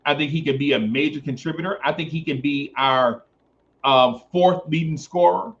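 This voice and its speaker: Animated man on a sports talk stream. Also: fairly high pitch, normal speed. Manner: animated, repeats phrases for emphasis. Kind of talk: casual sports talk stream, reading chat. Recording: dull lo-fi stream audio.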